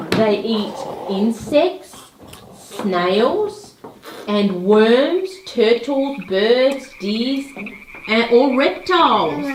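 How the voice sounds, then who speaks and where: A woman slowly naming toy animals for children at home, coaxing them to make animal sounds. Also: on the high side. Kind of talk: slow explanatory narration for kids. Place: home room. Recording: echoey room with music behind.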